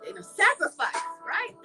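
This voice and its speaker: A woman, hosting her channel in casual, chatty commentary and addressing her viewers directly. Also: extremely high pitch. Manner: lively, chatty, addresses viewers as y'all, laughs. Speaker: channel host.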